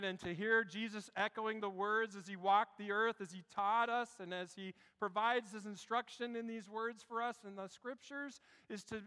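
A male pastor delivers a sermon in a high, bright tone. He shifts between animated storytelling and quiet, hushed emphasis. His voice carries a long reverb, like a church sanctuary. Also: clean tone. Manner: storytelling preacher, dropping to a hush for emphasis.

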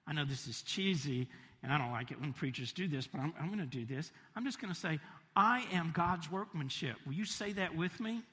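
A man preaching a sermon, animated, swinging between emphatic lines and hushed, soft ones. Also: sits high. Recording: long reverb of a large hall.

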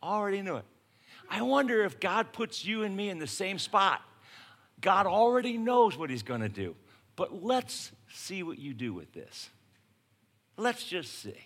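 A man preaching a sermon in a casual, conversational way, swinging from hushed lines to shouted ones. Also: high-pitched, big pitch swings, a little slow, slightly rough. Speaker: pastor.

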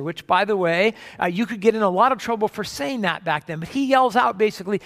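Man, pastor, conversational sermon, frequent restarts, high voice, reverberant church. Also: animated, a little fast, fairly bright tone. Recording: long hall reverb.

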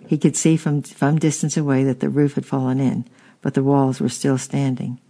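A man narrating a historical story aloud in a steady reading, now and then stumbling and repeating a word. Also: medium pitch, moderate pace. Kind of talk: audiobook reading.

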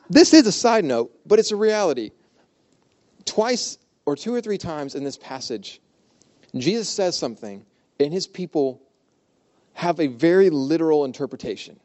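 A man delivers a laid-back sermon in a mellow, warm-toned voice. He keeps it informal and humorous, with playful asides. His pitch sits in an ordinary middle range. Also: lively intonation, normal speed. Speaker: pastor. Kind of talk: conversational sermon.

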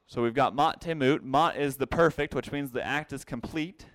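In a classroom with a whiteboard, a man teaches a Bible class in a medium-pitched voice at normal speed. The sound is dry with no echo, and he explains things while repeating key phrases for emphasis.

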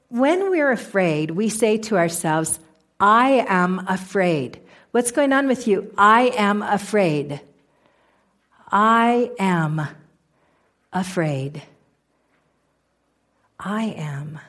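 A middle-aged woman giving a motivational talk to a live audience. She is expressive, asks the audience questions and acts out inner voices. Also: on the high side. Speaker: speaker.

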